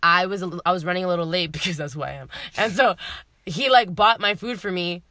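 A woman's voice: lowish voice, a little fast, no room sound, clean studio sound. A young woman co-hosting a casual chat podcast, telling stories with lots of swearing and acted-out dialogue. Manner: animated storyteller, swears freely, acts out dialogue. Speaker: podcast co-host.

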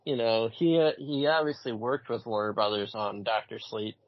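A man co-hosting a casual podcast, speaking with a husky, breathy edge. He gets animated and blunt, swears freely and restarts his phrases. The sound is dry and a little dull, like a lo-fi home recording. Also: mid-range voice, moderate pace, no echo. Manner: animated, swears, repeats himself. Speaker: podcast co-host. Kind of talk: casual chat.

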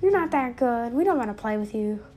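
A woman's voice: on the high side, lively intonation, brisk, darkish tone, faint music behind, voice pushed up, close to an everyday voice. A woman putting on the voice of a cheeky little kid at a gym who talks trash and whines that the game is not fair. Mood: whiny trash talk.

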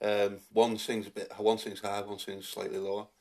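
A man's voice: on the low side, completely flat delivery, normal speed, a little mellow. A man, co-hosting a casual podcast chat and rambling with lots of fillers. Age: 40s. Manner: rambling, with many fillers and restarts. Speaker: podcast co-host.

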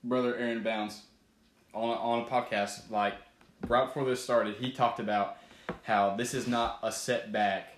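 A man's voice: medium pitch, fairly even intonation, a little slow, slight background noise. A man co-hosting a podcast, chiming in with short agreements and loose phrasing. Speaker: podcast co-host. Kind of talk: casual church discussion. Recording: echoey room.

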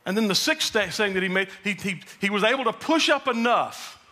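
A male pastor preaching a sermon in a high, bright voice. He pushes his delivery up and then lets it fall low and quiet for emphasis. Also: expressive, fairly quick. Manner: preaching, rising to shouted quotes then dropping low.

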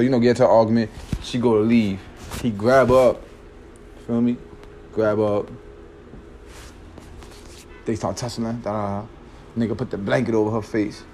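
A man's voice: fairly low pitch, darkish tone, a little hiss or hum. A man telling a story in a casual, slangy, rambling way, often checking in with his listeners.

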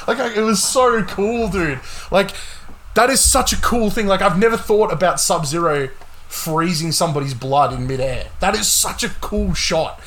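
A young man hosting a casual gaming podcast, talking excitedly and swearing a lot. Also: sits high, normal speed. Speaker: podcast host.

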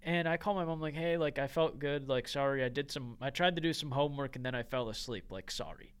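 A man's voice: mid-range voice, brisk, clear, resonant tone. A young man, a podcast co-host, telling a story in casual chat, full of "like" and laughing as he goes. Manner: animated, heavy use of "like", laughs while telling stories.

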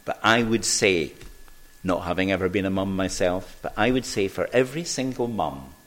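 A man preaching a sermon in a church, measured and earnest. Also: low-pitched, animated, a bit bright.

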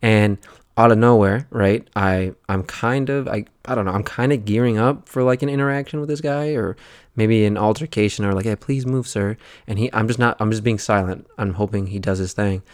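A young man talks on his solo podcast in a relaxed, rambling way, filling his pauses with "um" and "right?". His voice sits low. The recording is close and dry, with no room sound. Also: no echo. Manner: rambling, laid-back, many fillers and "right?". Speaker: podcast host. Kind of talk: casual solo podcast monologue.

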